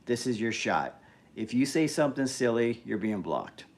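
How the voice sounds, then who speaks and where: A man hosting a casual live stream, talking bluntly in an animated rant that is full of swearing. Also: medium pitch, normal speed. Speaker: livestream host.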